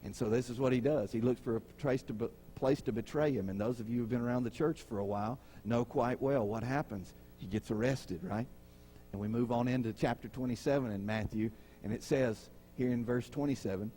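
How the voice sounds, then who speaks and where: A man's voice: mid-range voice, fairly quick, dark tone, a little hiss or hum. A man preaching a sermon. He talks in a conversational way, asks the congregation questions and acts out the people in his stories. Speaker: pastor.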